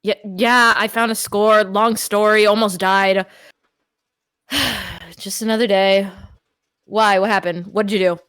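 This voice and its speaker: A woman's voice: on the high side, fairly quick, few pauses. A woman doing a frantic, overprotective rabbit parent. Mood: exasperated. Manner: loud, insistent, repeats herself.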